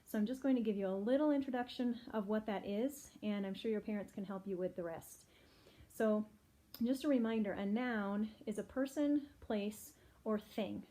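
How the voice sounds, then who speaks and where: With a mellow voice in the middle range, a woman patiently teaches phonics to little children. She takes it slowly, spells out each point plainly, and checks in with questions for the kids.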